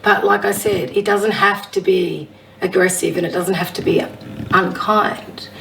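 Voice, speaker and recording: Woman, husky voice, psychic medium, casual card reading, slightly distant mic, faint background noise. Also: mid-range voice, steady tone, a little slow. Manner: chatty, warm-hearted encouragement, reads affirmations aloud.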